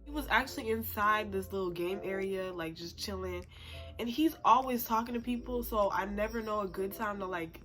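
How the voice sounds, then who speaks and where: A woman in her twenties telling a personal story to camera in a chatty way, with lots of "like" fillers and laughs at herself. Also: medium pitch. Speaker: storytime vlogger. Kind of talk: casual storytelling. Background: background music.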